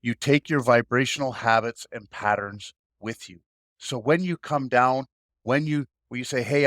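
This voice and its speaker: A man's voice: mid-range voice, dry recording, studio quality. A man hosting a podcast, talking in an encouraging, emphatic way to his guest. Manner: warm encouraging, emphatic praise. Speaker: podcast host. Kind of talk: casual podcast talk.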